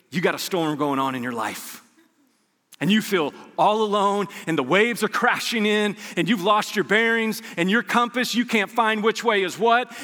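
A man's voice: on the high side, pushed and bright, in a large hall. A man preaching a sermon as pastor, talking conversationally and acting out scenes from scripture.

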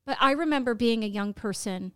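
Woman co-host, somewhat high voice, emphatic, dry sound. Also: fairly quick, clear, resonant tone, no room sound. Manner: emphatic, repeats her point. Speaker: podcast co-host. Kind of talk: casual chat.

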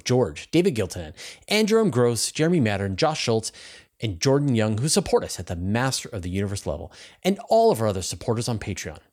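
A man's voice: medium pitch, a little mellow, breathy edge. A Canadian man with a Canadian accent hosting space news, explaining things eagerly and talking straight to his viewers. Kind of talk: casual news commentary.

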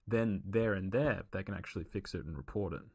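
A man hosts a casual podcast chat, talking earnestly with lots of "um"s and restarts. His voice sits low with a gravelly edge. The recording is dry and close. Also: brisk, a little mellow, no echo. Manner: earnest, explanatory, with many fillers and restarts. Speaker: podcast co-host.

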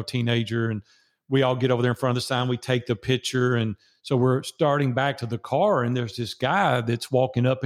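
An older man with a Southern drawl talks through a personal story as a podcast guest. His voice carries a gravelly edge, and he leans on repetition to drive points home. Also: medium pitch. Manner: earnest, repeats phrases for emphasis. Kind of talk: casual storytelling interview.

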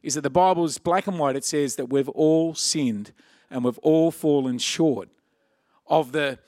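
A man preaching a sermon, telling a personal story in an animated way. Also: unhurried, no echo, studio quality. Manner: animated, acts out quotes with shouted high voices.

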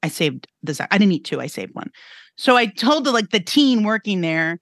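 A woman's voice: mid-range voice, very animated, moderate pace, dry recording. Co-host, woman, reporter, chatty and self-deprecating, dry close sound. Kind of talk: casual political chat.

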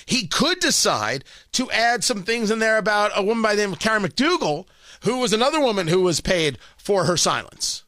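A man hosting a political talk radio show, delivering an animated, sarcastic monologue into a studio microphone. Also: high voice, moderate pace, dry recording. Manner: animated, excitable, sarcastic asides.

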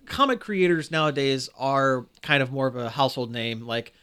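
A man in a relaxed podcast conversation, talking with eager enthusiasm. His voice sits in a middling register, and he rambles through stories with plenty of "you know"s. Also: mid-range voice, moderate pace, smooth. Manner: lively, enthusiastic storytelling with frequent fillers. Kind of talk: casual chat.

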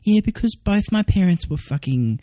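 A man's voice: sits high, expressive, normal speed, mellow, no room sound, studio quality. A man with a mild Australian accent hosting a casual chat, joking and swearing loosely. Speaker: podcast host.

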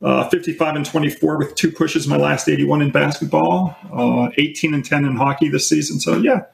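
A man in his fifties, a sports handicapper guest, talking in a relaxed, matter-of-fact way. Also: a little high, fairly quick, creaky. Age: 50s. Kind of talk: casual interview answers. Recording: echoey room with faint noise.

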